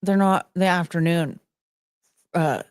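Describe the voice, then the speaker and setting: A young woman rambles through a casual live stream, chatting loosely with her viewers. Her voice sits fairly low, and the sound is dry and close with no room around it. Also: takes it slowly, smooth, no echo. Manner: rambling, chatty, greets chat viewers by name. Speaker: livestream host.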